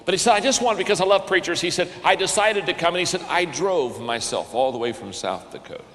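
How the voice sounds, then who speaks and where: Long hall reverb surrounds an older pastor and leadership speaker as he tells an earnest sermon story, repeating phrases when moved. He speaks quickly and animatedly in a high, slightly bright voice.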